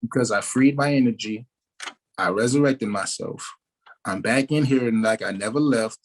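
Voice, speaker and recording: A man, a musician giving an interview, talking in a relaxed way with many fillers like "like" and "you know". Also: medium pitch, moderate pace, poor audio. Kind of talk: casual interview talk.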